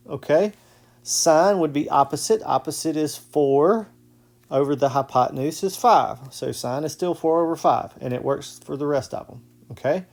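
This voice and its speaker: A man's voice: a little high, darkish tone. A male math teacher walking through a casual whiteboard lesson step by step, often checking in with "okay?".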